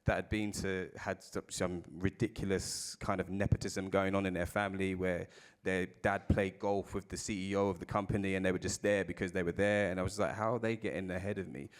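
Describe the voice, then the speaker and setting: A man with a South London accent talks on a live festival panel, his voice sitting a little low. He tells candid stories about work, loose and conversational, and drops the odd swear word. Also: flat delivery, a little fast, few pauses, clean tone. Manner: candid storytelling with casual swearing. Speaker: panel speaker.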